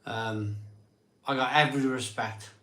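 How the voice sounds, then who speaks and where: A man's voice: mid-range voice, steady tone, measured pace, fairly bright tone. A man co-hosting a live stream, joking and chatting casually in a self-deprecating way. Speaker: co-host of a live drinking stream. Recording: echoey room, a bit away from the mic.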